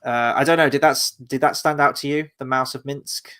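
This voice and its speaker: A man's voice: mid-range voice, fairly even intonation, a little fast, fairly bright tone. Enthusiastic man chatting about films. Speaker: podcast co-host. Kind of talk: casual film-review chat.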